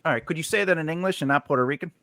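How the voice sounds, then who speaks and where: A man's voice: a little high, racing. A man hosting a podcast interview, chatting casually with a joking, rambling manner. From Sicilian heritage. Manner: jokey, rambling, lively. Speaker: podcast host.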